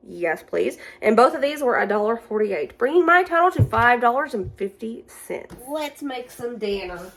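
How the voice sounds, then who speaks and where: A woman's voice: on the high side, expressive, unhurried, a bit bright. A woman with a Southern US accent, chatting folksily to her viewers while she cooks in her home kitchen. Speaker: cooking vlogger. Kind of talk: casual cooking vlog.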